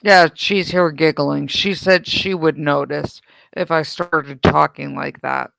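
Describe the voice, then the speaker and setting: Stream host, deadpan chat asides, heavy vocal fry, slow and unhurried. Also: medium pitch, no echo, rough recording. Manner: dry, joking asides to chat. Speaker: livestream trial commentator. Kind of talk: casual live commentary.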